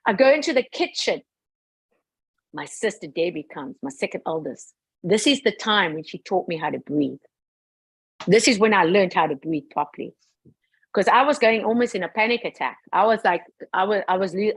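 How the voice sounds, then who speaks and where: A woman telling a personal family story in casual chat, animated and acting out the quoted dialogue. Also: mid-range voice, slightly rough, dry recording, rough recording.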